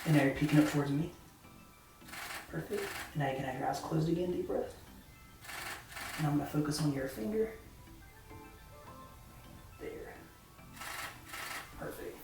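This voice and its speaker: A Southern American woman photographer talks a client through poses in a bright, chatty way. She sounds distant in a very echoey studio. Faint music plays behind her. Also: low voice, unhurried, long pauses. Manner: upbeat, chatty coaching with many fillers. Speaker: boudoir photographer. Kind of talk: directing a photo shoot. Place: indoor photo studio, roomy. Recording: echoey room, mic far off, faint music.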